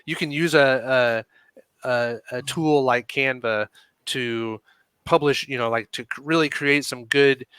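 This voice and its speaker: A man guesting on a podcast who rambles and hesitates, leaning on plenty of fillers. His voice is bright and crisp. The sound is dry and close, with no room echo. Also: medium pitch, steady tone, unhurried. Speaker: podcast guest, business owner. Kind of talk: casual podcast chat.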